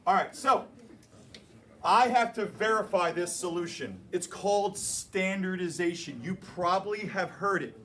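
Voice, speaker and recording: A man's voice: high-pitched, a little slow, sharp tone, slight background noise. A man teaching a chemistry class, explaining and joking with his students as he goes. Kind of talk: classroom lecture.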